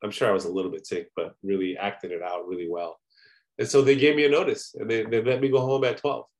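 A man's voice: on the low side, steady tone, quick pace, a little mellow. Earnest man preaching conversationally. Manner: earnest, conversational, frequent "you know" asides. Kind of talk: conversational sermon with personal story.

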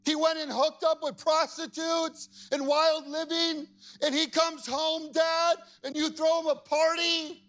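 A man acting out a frustrated, resentful older brother who shouts and pleads with his father. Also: high voice, normal speed, hardly any pauses, pitched above the performer's own voice. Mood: shouting exasperated.

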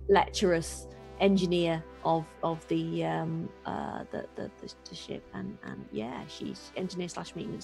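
A woman's voice: sits low, big pitch swings, normal speed, gravelly, darkish tone, faint music behind. A woman player chatting playfully, her voice strained from a long week. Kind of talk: casual chat.

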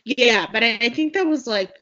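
A woman's voice: on the high side, expressive, normal speed, fairly bright tone. A woman co-hosting a podcast, recapping a movie in casual chat, rambling with many fillers and asides. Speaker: podcast co-host. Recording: dull lo-fi sound.

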